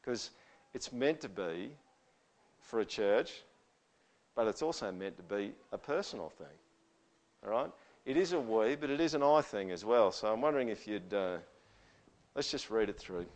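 A male pastor preaching a conversational sermon to his church. He checks in with tag questions and swings from quiet, earnest talk to forceful, emphatic declarations. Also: fairly low pitch, animated, normal speed, pauses often. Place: church service.

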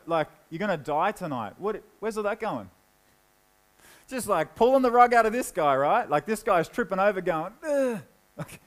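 A young man preaching a sermon in a casual, conversational way, dropping low and quiet when he reads scripture. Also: rough recording. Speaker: pastor.

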